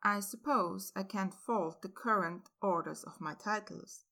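A woman voicing a gentle, weary middle-aged werewolf man who speaks softly and mildly. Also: medium pitch, measured pace, gravelly, exaggerated voice. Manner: soft-spoken, mild, understated.

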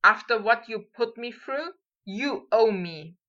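A woman voicing a proud young male wizard who speaks in curt, sharp retorts, on a dull lo-fi recording. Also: fairly high pitch, animated, takes it slowly, heavily acted.

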